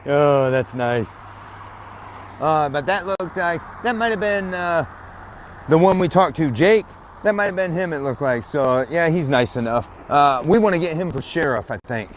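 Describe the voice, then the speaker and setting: Walking by a street with traffic going past, a man tells a long, rambling grievance story full of cursing in a casual vlog. His voice is fairly high with lively intonation at a moderate pace, over slight background noise.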